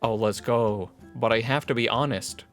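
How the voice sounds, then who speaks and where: Man reading game text aloud, bright tone, joking asides, casual playthrough. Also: medium pitch, moderate pace, faint music behind. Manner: reads narration and lines with joking asides. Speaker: game streamer reading a visual novel aloud.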